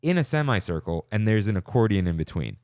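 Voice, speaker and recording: A man's voice: fairly low pitch, big pitch swings, fast, a little mellow, clean tone, dry recording, studio quality. A man hosting a podcast, talking in a rambling, upbeat, casual way and often cutting himself off. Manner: rambling, self-interrupting, upbeat. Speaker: podcast host. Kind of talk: casual chat.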